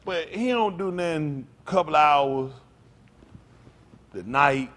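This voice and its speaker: A man's voice: lively intonation, slow. A man preaching a sermon, talking straight to the congregation and repeating his phrases. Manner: conversational preaching, calls out to the congregation; repeats phrases, swings from low murmurs to loud raised lines. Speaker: pastor.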